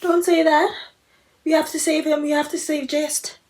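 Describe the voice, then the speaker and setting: A woman's voice: high voice, flat delivery, moderate pace, darkish tone. A young woman, a book vlogger chatting casually and emphatically. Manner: emphatic, dramatic, outspoken. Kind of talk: casual vlog chat.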